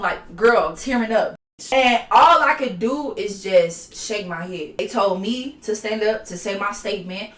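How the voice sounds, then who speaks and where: Bright-voiced woman telling a slangy story. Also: fairly high pitch, normal speed, reverberant. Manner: animated, slangy, swears freely. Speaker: vlogger telling a story time. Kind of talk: casual storytelling to camera.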